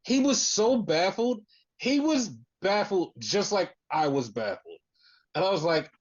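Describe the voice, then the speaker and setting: A man's voice: high-pitched, animated, measured pace, dry recording, muffled recording. A man co-hosting a podcast, recapping wrestling in casual, profane chat and acting out the wrestlers' lines. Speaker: podcast co-host.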